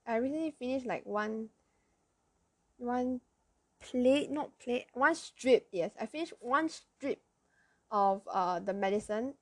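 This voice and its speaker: A teenage girl from Malaysia with a Malaysian Chinese accent, hosting a casual solo podcast, halting and searching for words, often giggling. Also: on the high side, no echo. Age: teens. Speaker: podcast host.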